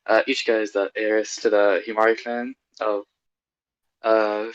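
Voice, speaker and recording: A man's voice: lowish voice, level tone, normal speed, clear, resonant tone, dull audio. A man taking part in an online tabletop game and describing his character, speaking hesitantly with many fillers. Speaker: player.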